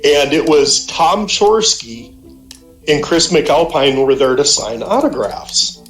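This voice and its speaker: Profane, animated man in his fifties. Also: on the high side, takes it slowly, roomy sound, soft background music. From Minnesota, USA. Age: 50s. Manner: animated, profane storyteller who acts out quotes. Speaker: guest, a friend's dad on a call. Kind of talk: casual storytelling on a voice call. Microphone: voice call.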